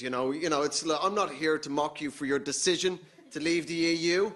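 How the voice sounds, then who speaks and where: An Irish man performing live stand-up comedy with excitable, ranting delivery. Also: a little high, a little fast. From Ireland. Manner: excitable, animated rants. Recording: noisy live venue recording.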